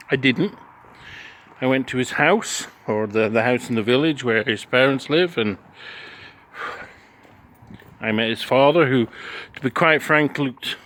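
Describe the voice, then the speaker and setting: A man in his forties talks through his day in a loose, frank way, circling back, restarting sentences and swearing casually. His voice sits at an ordinary middle pitch for a man. He sounds like a travel vlogger telling his viewers about the day. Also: a bit bright, slight background noise. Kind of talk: casual spoken recap to camera.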